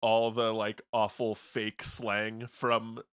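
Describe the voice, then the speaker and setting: A man's voice: on the low side, completely flat delivery, slow, a bit bright, clear, resonant tone. A man on a podcast panel, adding wry, sarcastic remarks in casual chat.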